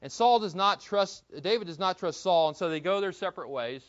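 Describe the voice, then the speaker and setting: A man's voice: high-pitched, animated, fairly quick, a bit bright, dull audio. A man preaching an expository Bible sermon in a conversational way, asking the congregation questions as he retells the story. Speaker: pastor.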